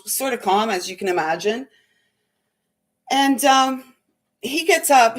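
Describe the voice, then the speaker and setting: Woman, spiritual host, rambling earnest chat, a bit shaky, average pitch. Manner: rambling, many fillers, earnest. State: shaky, unsettled. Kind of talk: casual spiritual livestream talk.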